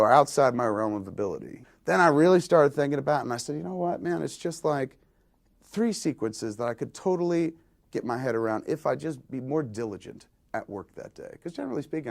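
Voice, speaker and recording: A man's voice: medium pitch, gravelly, darkish tone. Rambling self-deprecating man telling a story. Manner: rambling, self-deprecating, acts out quoted dialogue. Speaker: film director. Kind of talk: candid interview storytelling.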